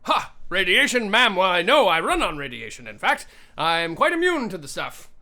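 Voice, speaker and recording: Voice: mid-range voice, very animated, normal speed, crowd noise. A player voicing an eager, formal robot butler who speaks in a prim, polite way. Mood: chipper. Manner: prim, formal, addresses others as madam.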